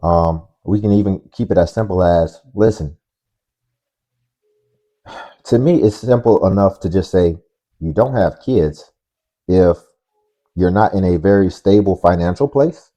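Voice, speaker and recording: A man's voice: low voice, a little slow, long pauses, dark tone. A man hosting a reaction commentary, lecturing and reasoning step by step in dull, lo-fi audio. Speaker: commentary host.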